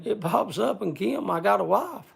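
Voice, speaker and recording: A man speaking bluntly to a group in casual talk, halting often and restarting his sentences. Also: high-pitched, lively intonation, vocal fry, breathy edge. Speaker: speaker addressing a group gathering.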